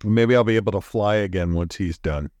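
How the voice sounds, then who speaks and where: A man in casual podcast chat, dropping wry, deadpan jokes. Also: lowish voice, a little fast, no room sound, studio quality.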